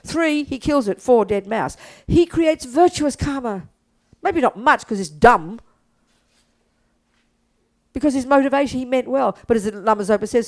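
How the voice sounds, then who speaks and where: An older woman giving a blunt, animated Buddhist teaching to an audience. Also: on the high side, moderate pace, long pauses. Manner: animated, blunt, acts out quotes, laughs.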